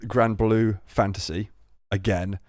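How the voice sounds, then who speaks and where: Rambling man with a low voice. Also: steady tone, slow pace, a little mellow, no echo, studio quality. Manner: rambling, profane, restarts sentences. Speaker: podcast co-host. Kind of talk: casual chat.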